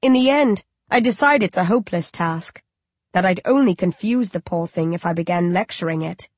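A woman narrating an audiobook in first person, in a measured, reflective storytelling manner, close to the mic. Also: fairly low pitch, animated, dry recording.

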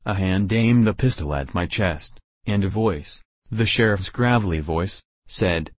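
A man narrating a first-person audiobook in a measured, steady way. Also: low voice, dry recording.

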